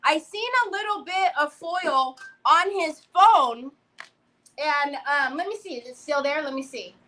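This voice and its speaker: A middle-aged woman hosting a crafting livestream, telling a story with animated energy and greeting viewers by name. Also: high-pitched, a little slow, poor audio.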